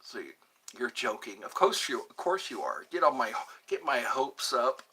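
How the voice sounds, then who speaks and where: A man's voice: mid-range voice, big pitch swings, moderate pace, pushed and bright, husky. A man hosting a live stream, chatting casually and reading viewer comments, often stumbling and repeating words. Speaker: livestream host.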